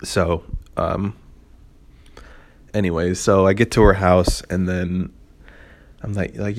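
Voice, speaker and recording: A young man with a very low voice spins a casual story for his podcast. He rambles and swears freely, leans hard on fillers, and keeps a sarcastic streak running through the telling. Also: steady tone, moderate pace. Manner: rambling, profane, filler-heavy. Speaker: podcast host.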